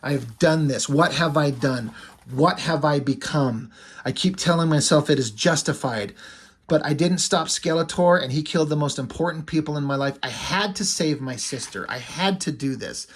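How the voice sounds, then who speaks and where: A man voicing a weary, tormented male hero warrior, speaking a quiet, brooding inner monologue in a husky voice. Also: fairly high pitch, moderate pace.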